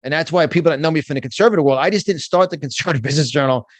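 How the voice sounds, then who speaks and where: A man's voice: a little high, rapid-fire, no room sound. A man, a motivational speaker and guest, talking in a fired-up, emphatic way and often repeating words, from his home studio. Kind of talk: animated interview talk.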